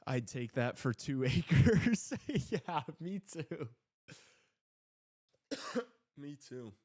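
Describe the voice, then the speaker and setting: A man's voice: fairly high pitch, big pitch swings, very slow, a little mellow, dry recording. A man hosting a live hockey stream, chatting in a laid-back, rambling way and swearing casually. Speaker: podcast host.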